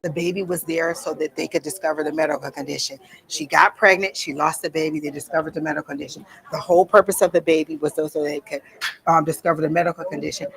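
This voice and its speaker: A woman's voice: low voice, steady tone, quick pace, gravelly, low-quality recording. A woman teaching a class on psychic reading, talking casually and telling stories with frequent ums. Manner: chatty storytelling with frequent ums. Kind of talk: casual teaching talk to a small group.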